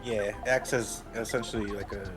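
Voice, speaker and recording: A man's voice: fairly low pitch, steady tone, fairly quick, over music. A man doing casual live race commentary, agreeable and explaining strategy.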